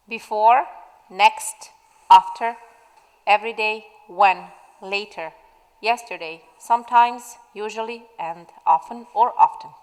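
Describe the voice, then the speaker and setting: Woman teacher, slow dictation, patient, reverberant classroom. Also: medium pitch. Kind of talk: recorded remote spelling lesson. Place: classroom at school.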